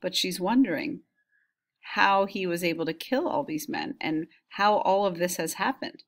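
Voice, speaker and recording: A woman's voice: fairly low pitch, normal speed. A woman teacher explaining a text she has just read, in a casual way with frequent "right?".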